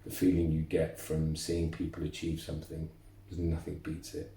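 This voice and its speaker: Gravelly deep-voiced older man. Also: moderate pace, recorded from a distance. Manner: animated, repeats words, lively anecdotes. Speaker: martial arts instructor guest. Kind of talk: casual interview storytelling. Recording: roomy echo, voice off-mic.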